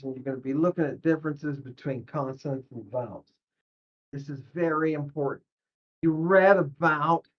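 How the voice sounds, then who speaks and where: A woman teaches over a video call, and her voice comes through dull and muffled. She coaches her student in an encouraging, emphatic way. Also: low voice. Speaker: language teacher. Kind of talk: online tutoring session.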